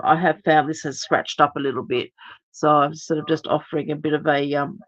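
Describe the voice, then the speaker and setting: Hoarse middle-aged woman demonstrating crafts. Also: sits low, fairly bright tone, highs cut off. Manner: chatty, step-by-step, many ums. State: hoarse, recovering voice. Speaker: crafting live-stream host. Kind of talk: live card-making demonstration.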